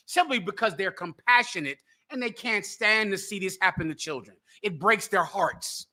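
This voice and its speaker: A man with a high, bright, sharply cutting voice delivers heated political commentary. He talks emphatically and with indignation, leaning on rhetorical questions, over a remote call. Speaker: show co-host.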